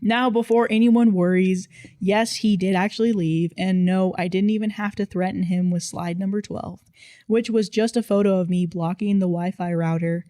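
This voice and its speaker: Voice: mid-range voice, steady tone, moderate pace, mellow, no echo. Dry, close storytime narrator. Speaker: storytime narrator reading online posts.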